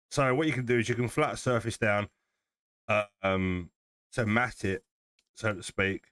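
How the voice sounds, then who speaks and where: A man's voice: on the low side, fairly bright tone, no echo. A man with a Southern English accent, chatting casually on a livestream while building a model kit, rambling and restarting his sentences. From southern England. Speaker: livestream host.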